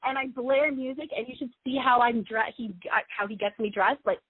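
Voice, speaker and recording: A woman calling in to a radio show, talking in an excited, rambling way with many restarts. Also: a little high, fairly quick, slightly rough. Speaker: caller. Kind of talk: call-in radio chat. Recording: tinny phone line.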